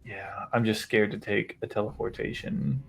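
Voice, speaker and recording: A man playing a tabletop game in casual chat, joking and excitable. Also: fairly low pitch, normal speed, vocal fry, slightly rough, soft background music. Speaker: player.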